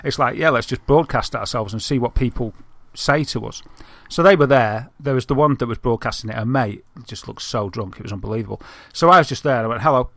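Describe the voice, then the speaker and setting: A man's voice: medium pitch, fairly quick, hardly any pauses, fairly bright tone, no echo. A man with a Northern English accent, co-hosting a casual podcast and rambling through stories with plenty of fillers. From Northern England. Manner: chatty, rambling storyteller with many fillers. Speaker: podcast co-host. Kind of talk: casual chat.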